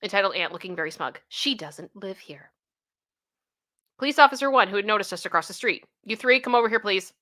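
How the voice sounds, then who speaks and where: A woman's voice: mid-range voice, brisk. A woman casually reading stories aloud and reacting to them with outbursts of disbelief. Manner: animated, reads quotes aloud with outbursts of disbelief and laughter. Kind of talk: casual commentary.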